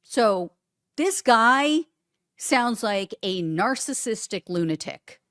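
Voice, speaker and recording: A woman's voice: a little high, animated, takes it slowly, a bit bright, no echo, studio quality. A woman hosting casual political commentary, sarcastic and blunt, with casual swearing as she reads posts aloud.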